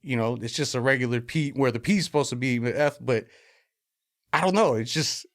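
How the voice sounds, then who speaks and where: A man chatting as a podcast guest in a mid-pitched voice. He rambles and leans on fillers, circling his point loosely. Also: a little fast. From Filipino family. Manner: rambling, filler-heavy, with many "like"s. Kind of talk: casual chat.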